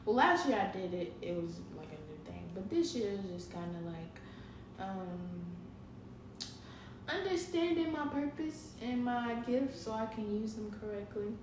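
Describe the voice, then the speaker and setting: A woman in relaxed, reflective podcast chat who laughs easily. Her voice comes from a distance in a very echoey room, with clear background noise. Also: medium pitch, unhurried. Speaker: co-host.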